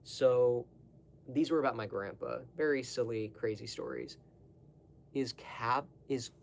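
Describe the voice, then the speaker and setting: A man's voice: medium pitch, measured pace, gravelly, slight background noise. A young man talking casually to the camera, rambling through digressions with lots of fillers and asides. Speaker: vlogger.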